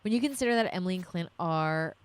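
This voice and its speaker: A woman's voice: lowish voice, expressive, quick pace, clean tone, no room sound. A young woman giving casual, rambling gameplay commentary as a gaming vlogger, chatting directly to her viewers.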